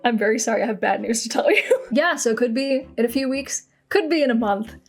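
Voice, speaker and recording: A woman's voice: on the high side, brisk. A young woman hosting a casual question-and-answer chat to camera, bubbly and self-mocking, laughing often. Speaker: YouTuber host.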